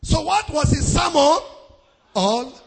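A man preaches a sermon with a very high, ringing voice. He works slowly through each phrase, lets it swing into a sing-song, and shouts his hallelujahs. He repeats lines again and again to drive them home. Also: lively intonation, slight background noise. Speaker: pastor.

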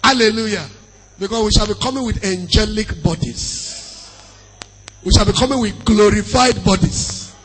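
A middle-aged man preaching a sermon and answering questions, swinging between shouting and softly singing scripture. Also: high voice, normal speed, soft background music.

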